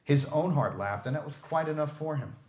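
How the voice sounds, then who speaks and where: A man reading a classic story aloud with expressive, theatrical delivery in a library room. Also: on the high side, brisk. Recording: echoey room.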